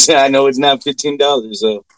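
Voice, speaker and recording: A man chatting casually, relaxed and a bit hesitant, with casual swearing. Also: medium pitch, unhurried, no echo, rough recording. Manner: laid-back, profane, hesitant. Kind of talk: casual chat.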